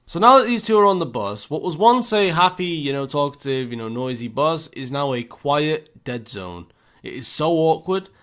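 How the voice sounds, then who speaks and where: A man's voice: mid-range voice, fairly bright tone. A young British man telling a story in a casual, chatty way, speaking to his viewers with asides. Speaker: storytime YouTuber.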